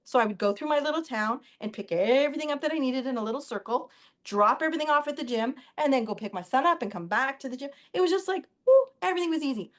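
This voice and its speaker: Chatty, animated woman guest, higher voice. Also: fast talker. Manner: animated, chatty, quotes others in dialogue. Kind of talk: casual interview storytelling.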